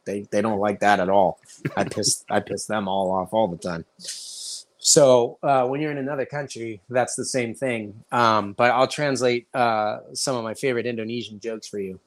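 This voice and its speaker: A man with an American accent, hosting a relaxed podcast chat and telling anecdotes, acting out the people in them. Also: on the low side, normal speed. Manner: storytelling, acts out quoted voices. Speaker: podcast host. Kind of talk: casual conversation.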